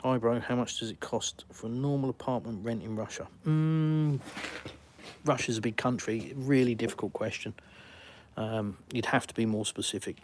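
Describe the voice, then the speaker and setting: English bloke streaming on his phone outdoors, middle pitch, blunt and sarcastic. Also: normal speed, slight background noise. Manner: blunt, dry sarcasm toward trolls. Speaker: livestream host. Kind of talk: live-stream chat reading. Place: outdoors in a village.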